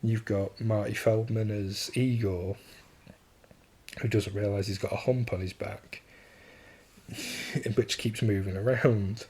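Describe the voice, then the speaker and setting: A man's voice: fairly low pitch, fairly even intonation, takes it slowly, long pauses, a little mellow, breathy edge. A man hosting a solo podcast, talking casually and enthusiastically, chuckling often and restarting his sentences. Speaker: podcast host.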